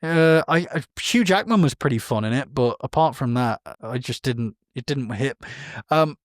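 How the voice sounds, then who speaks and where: A man's voice: mid-range voice, normal speed, no room sound, clean studio sound. A man, co-hosting a podcast and chatting casually about film news in a rambling, self-correcting way. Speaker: podcast co-host.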